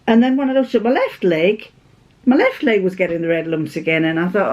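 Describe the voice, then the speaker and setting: A woman's voice: medium pitch, expressive, a little fast, a little mellow, dull audio. A British woman chatting to camera in a vlog, telling a rambling story and laughing often as she goes. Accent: British English. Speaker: craft vlogger. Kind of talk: casual anecdotal chat to camera.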